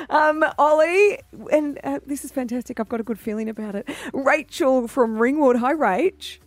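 Bubbly high-voiced Australian woman host. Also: normal speed, no room sound. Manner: bubbly, giggly, promotional. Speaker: radio host. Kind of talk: casual breakfast radio chat.

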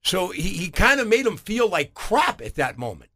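A man hosting a morning radio show, retelling stories in a chatty, animated way. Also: high-pitched, normal speed. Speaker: radio host.

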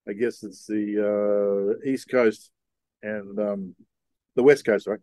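A middle-aged man, telling a story in a relaxed, rambling way with slang, as a podcast guest. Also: fairly low pitch, takes it slowly. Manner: laid-back, rambling, with Aussie slang. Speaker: podcast guest, sea captain. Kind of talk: casual storytelling.

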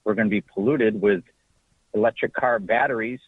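Male caller, indignant rant, low voice, husky, phone-line sound. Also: normal speed, dry recording. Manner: ranting, indignant. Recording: dry muffled phone line.

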